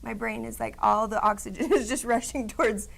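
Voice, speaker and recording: A woman co-hosting a casual studio chat show, bubbly and teasing, her voice going hoarse. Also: a little high, steady tone, brisk, fairly bright tone. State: losing her voice. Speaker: co-host.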